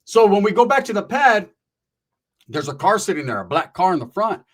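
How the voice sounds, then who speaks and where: Profane slangy storyteller man, slightly high. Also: a little fast. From Northern California. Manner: profane, slang-heavy, sprinkles Spanish slang; animated, acts out the people in his story. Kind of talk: casual street storytelling.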